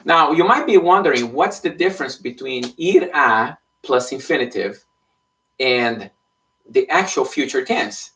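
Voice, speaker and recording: A man's voice: medium pitch, animated, a little slow, bright, forceful tone. A man teaching an online Spanish lesson in English, explaining patiently and checking in with frequent "okay?". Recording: voice somewhat far from the mic.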